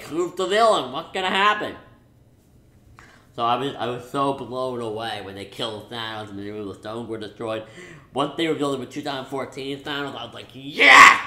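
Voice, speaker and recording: A young man giving a casual, excitable movie review, rambling with many restarts and fillers. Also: mid-range voice. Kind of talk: casual spoiler review vlog. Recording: echoey room.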